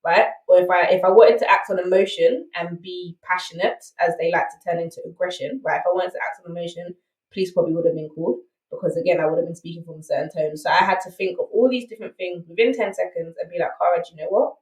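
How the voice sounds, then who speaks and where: A woman guest on a podcast, South London accent, tells her story emphatically and candidly, punctuating it with rhetorical "right?" check-ins. Her lowish, darkish voice goes fast. The recording is rough and roomy, with the mic at a distance.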